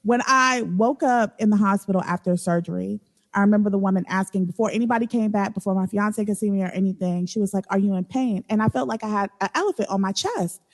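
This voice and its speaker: A woman's voice: mid-range voice, fast talker. A woman guest on a podcast, telling her story frankly and with blunt humor. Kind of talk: casual storytelling.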